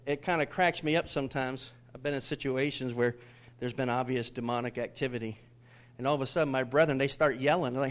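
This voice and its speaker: Preaching with animation, a middle-aged pastor speaks at a medium pitch and draws his congregation into call-and-response. He swings from loud proclamations to quiet asides.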